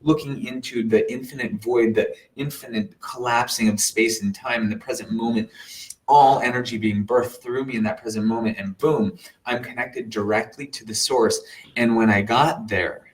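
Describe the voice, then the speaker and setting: A man telling an earnest personal story in a casual way, animated and full of sound-effect words, sometimes dropping to a soft near-whisper. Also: medium pitch, normal speed, rough recording. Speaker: meditation teacher.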